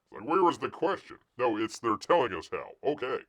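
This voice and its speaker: Sarcastic man with a lively pitch. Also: a little fast. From United States. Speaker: host of a live news and chat stream. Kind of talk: casual news commentary, reading articles aloud.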